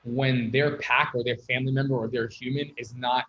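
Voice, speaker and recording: A man's voice: medium pitch, flat delivery, moderate pace, a bit bright, lo-fi sound. A man who is a guest dog trainer on a podcast, explaining eagerly and repeating words as he starts. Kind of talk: podcast interview.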